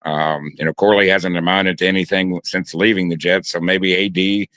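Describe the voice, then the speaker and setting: A man's voice: low voice, fairly even intonation, moderate pace, a bit bright, no echo. A man co-hosting a sports talk show, talking casually and hesitantly with frequent restarts. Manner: hesitant, many restarts and fillers.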